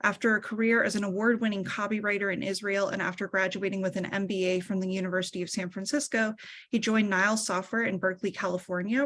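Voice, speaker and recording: Woman event host; reads introductions, steady scripted delivery, mid pitch. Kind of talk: reading speaker introductions.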